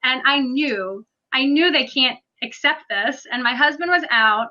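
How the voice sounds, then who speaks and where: A woman in a casual group chat, telling an animated, self-deprecating story about her evening as a mother. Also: high voice, measured pace. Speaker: guest mom on a coaching panel. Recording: dull lo-fi sound.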